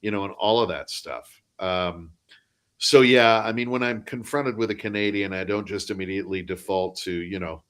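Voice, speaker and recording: A man with a fairly low voice chats loosely in a live online interview. He talks with animated, self-deprecating energy and often stumbles over his words. He comes across as a guest in a relaxed conversation about his craft. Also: normal speed. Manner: animated, self-deprecating, drops into joking mock accents. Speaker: audiobook narrator guest. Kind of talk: casual live interview chat. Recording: live online video chat.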